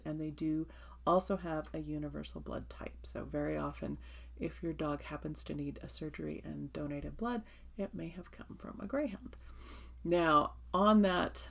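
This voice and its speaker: A woman's voice: low voice, creaky. A woman hosting her own cross-stitch vlog, chatting eagerly from her notes. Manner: eager, gushing, reading from notes. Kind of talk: casual chat from notes.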